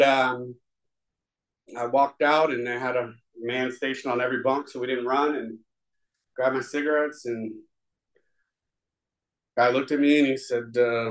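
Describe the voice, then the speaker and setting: A man with a medium-pitched voice shares his recovery testimony with a live audience in a room, rambling warmly and sincerely with lots of restarts. The recording is rough.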